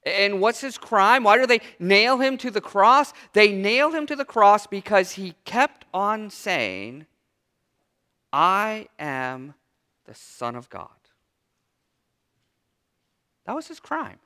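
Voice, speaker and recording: A man preaching a sermon as pastor, with dramatic pauses, dropping low and soft on quoted lines. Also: expressive, in a large hall.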